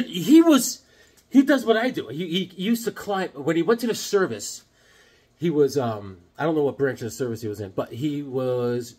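A man in his fifties chatting casually about comic books to his viewers in a jokey, rambling, excitable way. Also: on the high side, breathy edge. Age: 50s. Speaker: comic book vlogger. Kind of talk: casual chat to camera.

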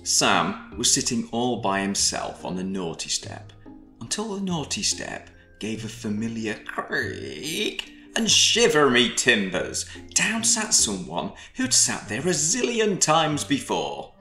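A man reads a children's storybook aloud in an expressive, storytelling way. He takes his time, and his pitch swings widely. His bright voice rings in an echoey room, with faint music underneath. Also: slow pace. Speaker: storybook reader. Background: faint background music.

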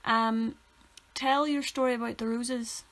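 A woman's voice: fairly high pitch, fairly even intonation, a little slow, a crowd in the background. A young woman co-hosting a casual podcast who mostly chimes in with dry, brief remarks. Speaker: podcast co-host. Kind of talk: casual chat.

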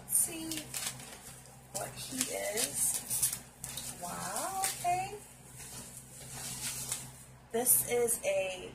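Perched on a stool indoors, a woman films a casual makeup unboxing, gushing to her audience, speaking to them directly and exclaiming a lot. Her voice is mid-range, with background noise present.

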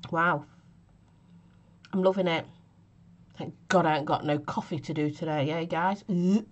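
A woman's voice: sits low, steady tone, measured pace, muffled recording. A woman chatting casually through a vape flavour review, giggly and self-mocking, with a cough from a chest infection.

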